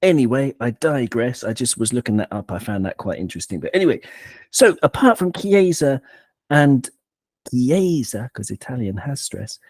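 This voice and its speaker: A man hosting a football podcast, talking in a playful, digressive, animated way. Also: mid-range voice, normal speed, no echo, clean studio sound. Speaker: podcast host. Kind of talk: casual football chat.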